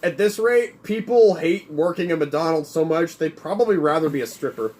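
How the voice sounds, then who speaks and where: A man's voice: fairly high pitch, lively intonation, normal speed, darkish tone. A man co-hosting a casual livestream chat, hesitant and trailing off with lots of fillers. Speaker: livestream co-host.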